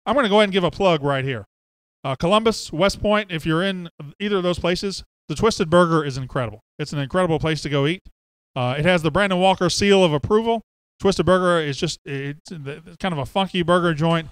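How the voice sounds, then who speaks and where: A man's voice: fairly high pitch, a little fast, clear, resonant tone, no room sound. A man hosting a sports podcast, chatty and joking as he reads viewer comments aloud. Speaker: podcast host. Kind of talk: casual sports podcast chat.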